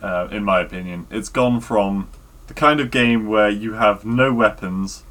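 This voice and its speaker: Low-voiced man telling chatty stories. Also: unhurried, a bit bright. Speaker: podcast co-host. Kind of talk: casual chat.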